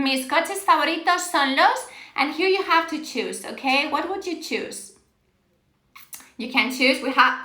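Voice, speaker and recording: A woman teaches Spanish on a live stream, slowly and warmly encouraging her viewers as she reads out their answers and praises them. Her voice is high and bright, and she laughs easily as she mixes English and Spanish. The sound carries a roomy echo. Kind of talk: live-streamed language lesson. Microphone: phone on a live stream.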